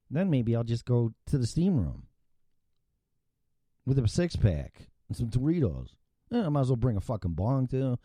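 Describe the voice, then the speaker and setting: A man's voice: mid-range voice, mellow, husky, no echo. A middle-aged American man hosting a show, ranting with profanity and heavy sarcasm. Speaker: show host. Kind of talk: solo political rant.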